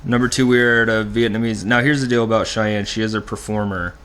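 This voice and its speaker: A young man hosts a comedy podcast in a relaxed, joking chat. His voice sits fairly low, and he ribs his guest with dry, deadpan humor. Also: fast, slight background noise. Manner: teasing, deadpan jokes. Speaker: podcast host.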